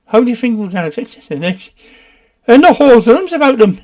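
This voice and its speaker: A man's voice: very high-pitched, big pitch swings, fairly quick, warm tone. Sweary, rambling Geordie man. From North East England. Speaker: film reviewer, channel host. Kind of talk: casual comic film review.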